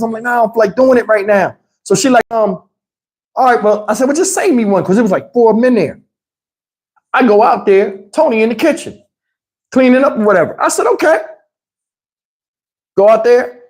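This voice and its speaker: A middle-aged man tells a profane, animated story to his livestream chat. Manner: animated, profane, swings into high voices to mimic others. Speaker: livestream host.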